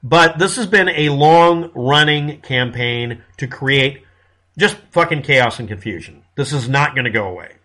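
A man's voice: a little high, fairly bright tone. Blunt, profane man giving commentary. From United States. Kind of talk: casual monologue commentary.

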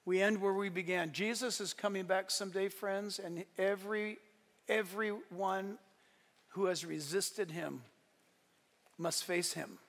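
A male pastor preaching in a large church hall, his high voice carrying a long reverb. His tone is bright and forceful, and he tells stories emphatically, swinging between loud and hushed. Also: fairly even intonation, a little slow. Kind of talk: sermon.

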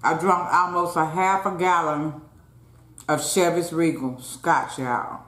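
Speaking slowly in a low, steady, slightly bright voice, this woman hosts a casual eating broadcast. She chats between bites and keeps calling out to viewers, with the sound echoing through the room.

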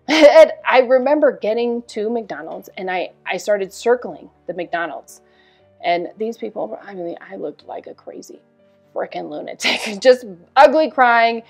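A woman in her thirties talks in a middle-pitched voice, frank and animated, dropping the odd swear word as she tells her story. Faint music plays quietly behind her voice. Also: normal speed. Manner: animated, candid, swears casually. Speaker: health coach. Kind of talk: storytelling promo talk.

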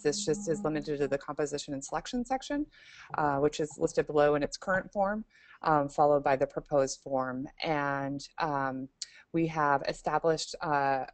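A committee member presenting a charter proposal at a board meeting, steady and measured with frequent ums. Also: female voice, sits low, no echo.

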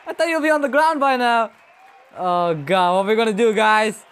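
A woman streaming a video game, reacting with loud exclamations, laughter and slang. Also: fairly high pitch, normal speed, smooth, faint music behind. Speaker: gaming streamer. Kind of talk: excited game commentary.

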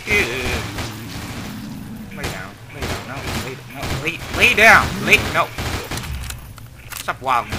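A man's voice: mid-range voice, big pitch swings, takes it slowly, pauses often, noisy background. A young man casually commenting on his gameplay, joking and rambling and talking to the characters on screen. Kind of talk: casual let's-play commentary. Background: game music and gunfire.

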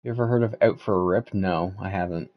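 A man's voice: deep voice, fast, highs cut off, a little hiss or hum. A man chatting casually with viewers while he plays a game on a live stream, loose and joking, swearing freely.

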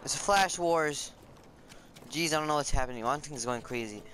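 A young man chatting casually over his own gameplay, jumpy and quick to yelp when startled. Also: fairly high pitch. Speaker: gamer streaming his match. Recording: noisy game audio behind voice.

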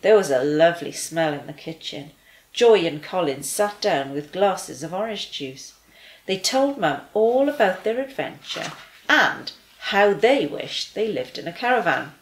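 A woman reading a children's story aloud with gentle, expressive delivery. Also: on the low side, measured pace, echoey room, poor audio.

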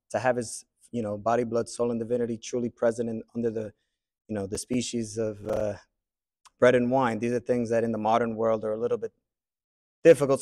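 A man teaching a class, thinking aloud in a reflective way with pauses. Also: medium pitch, darkish tone. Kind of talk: classroom discussion.

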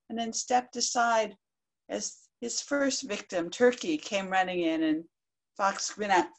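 A woman storyteller narrating a folk tale aloud in a lively, expressive way. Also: mid-range voice, measured pace. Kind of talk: live oral storytelling.

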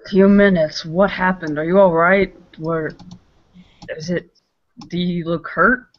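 A woman's voice: on the low side, steady tone, unhurried, dull audio. A woman playing a tabletop game, asking concerned questions in character. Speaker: player.

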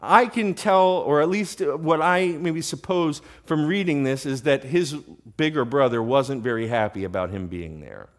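A man's voice: a little high, normal speed, few pauses. A man preaching an evening sermon in a church, rising to emphatic questions.

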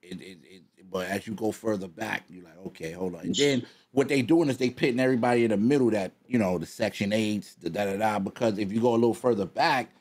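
A man's voice: fairly low pitch, quick pace, few pauses. Give me a rambling man, chatting casually as podcast co-host. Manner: rambling, animated, repeats himself. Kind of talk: casual chat.

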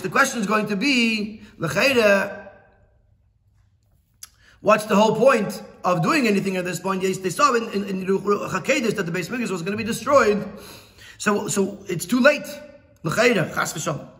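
Bright high-voiced rabbi teaching a class. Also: male voice, moderate pace. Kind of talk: Torah lesson explaining a text.

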